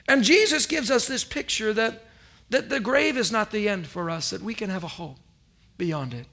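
A male pastor with a high-sitting voice preaches an emphatic sermon. He moves between loud declarations and quiet asides and calls on the congregation to respond.

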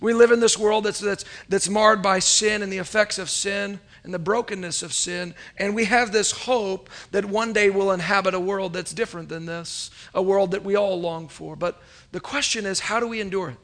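A man's voice: high voice, steady tone, normal speed, fairly bright tone. A man preaching a sermon to a congregation, telling a story and asking them questions. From United States. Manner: preacherly, rising and falling, asks the congregation questions. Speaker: pastor.

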